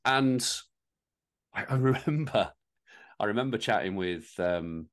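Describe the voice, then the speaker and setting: A man's voice: on the low side, expressive, measured pace. A man co-hosting a podcast, reflecting in casual chat with restarts and wry asides. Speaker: podcast co-host.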